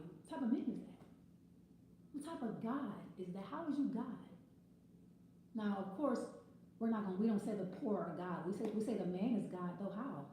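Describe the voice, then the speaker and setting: A woman's voice: medium pitch, lively intonation, moderate pace, pauses often, mellow, heavy reverb, a little hiss or hum, rough recording. A woman giving a casual tarot reading, ranting bluntly and swearing freely. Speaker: tarot reader.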